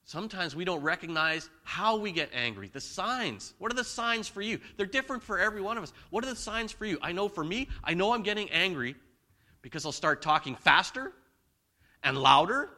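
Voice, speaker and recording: A man preaching a conversational sermon in church, swinging between loud emphasis and quiet asides. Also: high-pitched, animated, a little fast. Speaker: pastor.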